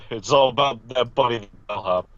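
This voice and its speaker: A man's voice: medium pitch, normal speed, fairly bright tone, no echo, dull audio. A man co-hosting a casual recap podcast, making dry jokes and reading out contestant profiles. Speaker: podcast co-host.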